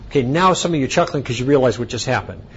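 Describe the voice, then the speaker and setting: Animated man giving a lecture, lo-fi. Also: mid-range voice, very fast, slight background noise. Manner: animated storytelling, acting out both sides of a dialogue. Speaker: speaker at a conference. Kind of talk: lecture with anecdotes.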